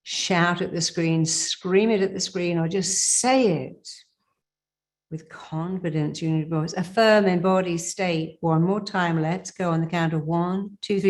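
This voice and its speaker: A woman's voice: fairly low pitch, steady tone, slow, vocal fry. Emphatic woman coaching listeners. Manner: emphatic, commanding, repeats phrases for the listener to say back. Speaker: therapist. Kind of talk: guided self-help exercise.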